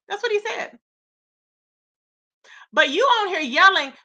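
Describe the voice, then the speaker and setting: Lady spilling tea live, super bright sharp voice, keeps going "how? how?" all amazed. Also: very high voice, unhurried. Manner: incredulous, animated, rhetorical questions. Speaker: commentary channel host. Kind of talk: live gossip commentary, reading chat.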